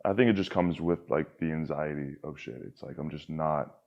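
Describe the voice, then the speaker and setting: A young man with a low voice, talking loosely and candidly as a podcast guest. He rambles, leans on filler words and swears casually. The sound is a bit dull and lo-fi. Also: normal speed, a little mellow.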